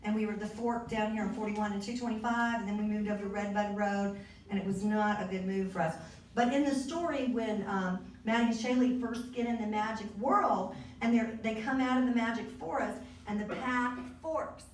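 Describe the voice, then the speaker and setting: A woman's voice: medium pitch, fairly even intonation, normal speed, far from the mic. Woman, Southern accent, chatty, rambling, echoey room, faint room noise. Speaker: author at her book release. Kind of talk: casual speech to a party crowd. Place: arts center event room. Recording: echoey room recorded from afar.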